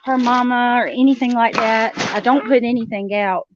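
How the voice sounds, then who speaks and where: A middle-aged woman, talking earnestly and haltingly on a livestream panel from her car. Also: fairly high pitch, steady tone. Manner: earnest, halting, with many fillers. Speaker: juror on a panel. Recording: dull, lo-fi, dry call audio from a car.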